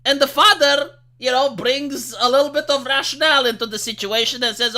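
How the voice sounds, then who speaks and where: Bright-voiced Romanian man, rambling and profane. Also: very high voice, fairly even intonation, fairly quick, hardly any pauses. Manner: profane, rambling, many restarts and fillers; mocking, sarcastic asides. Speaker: livestream host. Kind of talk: casual livestream commentary.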